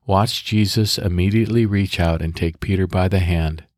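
A man hosting a devotional podcast, leading guided prayer and scripture meditation in a calm, measured, instructive way, recorded close to the mic. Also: low voice, no room sound.

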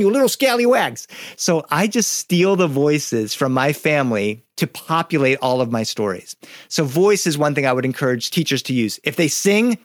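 Animated man telling about storytelling. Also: a little high, dry recording, studio quality. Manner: animated, demonstrative, breaks into character voices. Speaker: storyteller, guest. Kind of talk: conversational interview.

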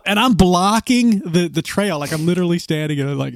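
A man casually telling a rambling, animated story on a podcast, full of restarts and laughter. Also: on the high side, brisk, gravelly, no room sound, studio quality. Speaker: podcast co-host telling trail stories. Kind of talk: casual chat.

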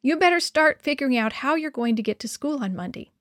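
A woman's voice: high voice, lively intonation, brisk, no room sound, voice pushed up. A woman reading a storybook, voicing a stern, wry middle-aged father in a dry, clipped way.

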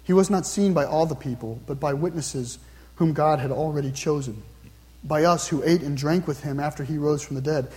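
A man preaching a sermon, earnestly posing questions to his listeners and slowing down to read scripture aloud. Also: on the high side, dark tone. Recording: long reverb, hall-like.

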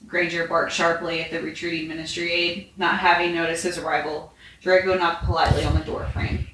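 A woman host reading a story aloud in a plain, steady way, with small slips and self-corrections. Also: fairly low pitch, moderate pace. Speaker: podcast host reading fan fiction. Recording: roomy echo, faint noise.

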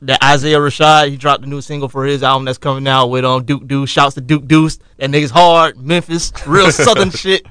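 A man's voice: mid-range voice, steady tone, fairly quick, few pauses, a bit bright, smooth, no echo. Blunt, offhand podcast co-host, a man. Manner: blunt, offhand slangy remarks. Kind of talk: casual podcast chat.

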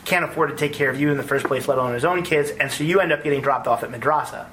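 A man's voice: mid-range voice, very fast, a little hiss or hum, poor audio. A man, a former army officer, tells stories earnestly in an interview and often repeats words as he goes. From United States. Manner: earnest and animated, with frequent word repeats. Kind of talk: conversational storytelling interview.

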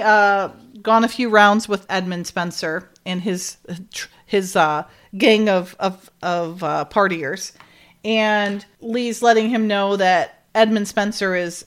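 A woman's voice: medium pitch, fairly bright tone. A middle-aged woman co-hosting a casual recap chat, retelling scenes animatedly and acting out quoted lines with frequent laughs. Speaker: podcast co-host.

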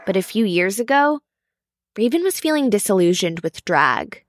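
A woman's voice: mid-range voice, big pitch swings, normal speed. A woman narrating a podcast episode in a conversational, scripted storytelling style.

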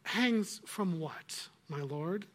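A man voicing a beautiful, calm, scheming witch queen who speaks softly and gravely, as a preacher retells a storybook scene. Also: sits high, full character voice. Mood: coaxing. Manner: soft, coaxing, slow and grave.

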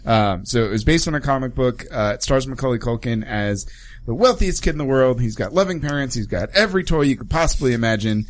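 A man's voice: mid-range voice, animated, fast talker. Man, co-host, casual film review, rambling, filler words, laughs often. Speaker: podcast co-host.

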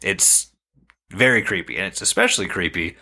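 A man's voice: deep voice, expressive, moderate pace, vocal fry, sharp tone. A man co-hosting a podcast, describing a video in rambling casual chat. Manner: rambling, hesitant, many fillers. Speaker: podcast co-host.

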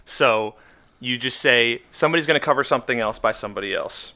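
A man's voice: medium pitch, fairly quick, pushed and bright. A man hosting a casual music podcast, chatting animatedly and laughing often. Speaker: podcast host. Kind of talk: casual chat.

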